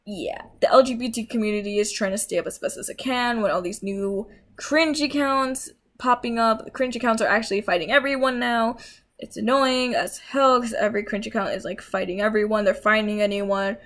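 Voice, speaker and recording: A woman's voice: on the high side, a little fast, fairly bright tone. Young woman, tired, rambling casual rant, laptop mic. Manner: rambling, with fillers and self-corrections. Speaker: YouTuber ranting.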